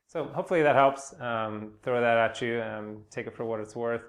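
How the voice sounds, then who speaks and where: A young man giving a casual spoken singing lesson, relaxed and rambling, with many fillers and restarts. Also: medium pitch, normal speed. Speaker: singing teacher. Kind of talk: casual spoken vocal lesson with sung demonstrations.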